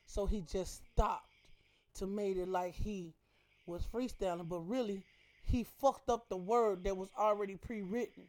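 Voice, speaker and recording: A woman's voice: medium pitch, steady tone, unhurried, darkish tone. A woman hosting a radio show, breaking down a rap verse in emphatic, profane casual commentary full of rhetorical questions.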